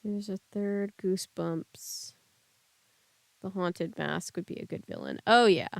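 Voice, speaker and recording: A woman's voice: mid-range voice, unhurried, creaky, no room sound. A woman streamer reading a book aloud and chatting casually with her live chat.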